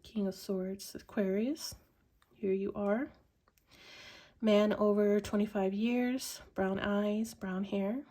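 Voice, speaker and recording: A woman doing a tarot reading, musing slowly with many ums and likes. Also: mid-range voice, steady tone, dark tone. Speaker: tarot reader.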